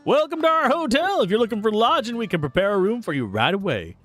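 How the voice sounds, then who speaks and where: A man's voice: high-pitched, very animated, quick pace, a bit bright, soft background music, pitched above the performer's own voice. A man voicing an apologetic hotel keeper in a video game, in a raised, lilting voice.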